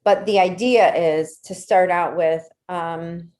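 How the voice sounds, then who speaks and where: A woman's voice: lowish voice, fairly even intonation, slow, darkish tone. A woman leading a casual workshop, talking conversationally, repeating words and checking in with "right?". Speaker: workshop leader.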